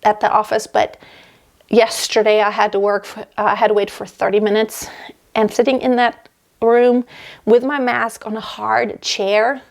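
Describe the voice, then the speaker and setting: A woman's voice: mid-range voice, flat delivery, normal speed, gravelly. A woman in her thirties, out of breath, chatting in a rambling way with many restarts in a casual pregnancy update from her home workroom. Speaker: vlogger.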